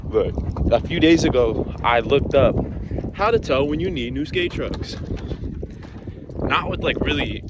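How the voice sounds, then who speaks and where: A man's voice: medium pitch, lively intonation, unhurried, pauses often, heavy background noise. A young man talking casually to camera as a skateboarding vlogger, rambling and swearing. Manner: swears a lot, exasperated rambling. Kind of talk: casual vlog talk to camera.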